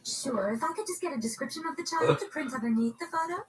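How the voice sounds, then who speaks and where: A polite, obliging cartoon clerk who speaks quickly in a high voice. She sounds distant, with faint noise behind her. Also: animated, over a noisy crowd. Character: helpful, polite female dairy clerk.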